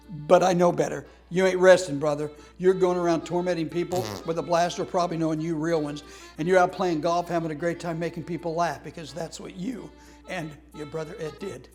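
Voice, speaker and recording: A man telling warm, funny stories in a tribute talk, often breaking into laughter as he goes. His speaking voice sits a bit high for a man. Soft music plays faintly underneath. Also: steady tone, brisk. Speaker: humor speaker teaching a class.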